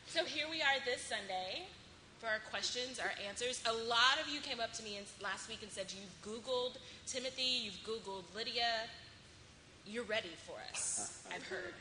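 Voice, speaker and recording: A woman's voice: a little high, normal speed, pushed and bright. A woman pastor hosting a question and answer time in church, playful and joking about herself. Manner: playful, laughing, self-deprecating. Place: church sanctuary. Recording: echoey room with background noise.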